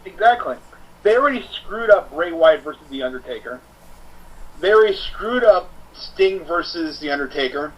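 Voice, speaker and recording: A man co-hosting a casual wrestling podcast, excitable, often acting out imagined promos in put-on voices. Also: on the high side, normal speed, low-quality recording. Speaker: podcast co-host.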